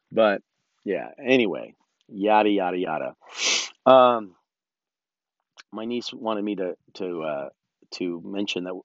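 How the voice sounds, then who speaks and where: A man's voice: fairly low pitch, no room sound. A man talks alone on his podcast, rambling and cursing freely, stumbling over his words and restarting his sentences. He slips into rants now and then. The recording is dull and lo-fi, and the room is dead and dry. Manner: rambling and profane, with frequent restarts; ranting about politics. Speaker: podcast host. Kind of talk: solo podcast monologue.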